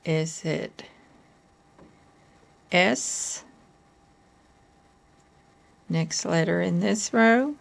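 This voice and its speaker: This is a woman patiently working through a letter board, naming each letter and asking whether it's the right one. Her voice carries a gravelly, creaky texture. She talks at a very slow, deliberate pace, with a soft laugh slipping in now and then. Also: lowish voice. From Kentucky.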